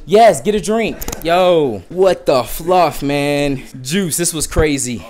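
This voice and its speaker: A young man giving excited live commentary on a football video game, bursting into shouts with friends in the room. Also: a little high, takes it slowly. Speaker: gameplay commentator. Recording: loud music over the voice.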